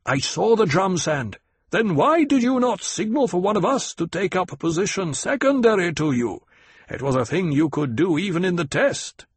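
Stern desert leader, lecturing, blunt, read by a man with a husky voice, dry sound. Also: high-pitched, expressive, moderate pace, dry recording, voice pushed up. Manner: blunt, commanding, instructive. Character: stern older male desert troop leader.

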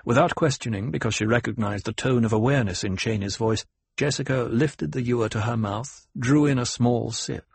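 A male narrator with a husky, grainy voice in a mid register, reading a story in a measured, even way. The recording is dry and close, with no room sound behind him. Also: mid-range voice, dry recording. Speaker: audiobook narrator. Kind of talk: scripted narration.

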